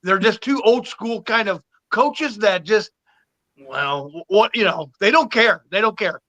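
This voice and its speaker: A man's voice: high-pitched, expressive, a little slow, sharp tone, dull audio. A man co-hosting a sports podcast, talking casually and hesitantly, with repeated starts. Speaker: podcast co-host giving picks.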